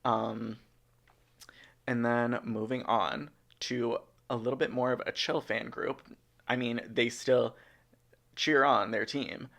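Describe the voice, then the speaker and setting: A man's voice: medium pitch, fairly even intonation, takes it slowly, vocal fry, fairly bright tone. A young man co-hosting a podcast in casual chat, rambling and chatty with lots of ums. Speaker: podcast co-host. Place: podcast studio.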